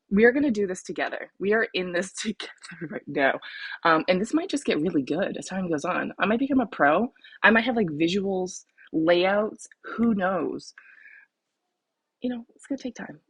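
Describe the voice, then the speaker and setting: A woman's voice: fairly low pitch, husky, no echo. A woman with a Southern US accent hosting a casual livestream, chatty and laughing at herself as she talks. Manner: chatty, laughing, self-deprecating. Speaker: host.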